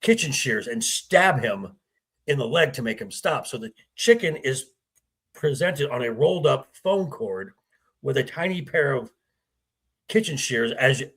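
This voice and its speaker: Man, husky, gravelly, guest, halting film recap. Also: mid-range voice, animated, a bit bright. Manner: halting retelling with acted quotes. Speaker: podcast guest. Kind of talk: casual film discussion.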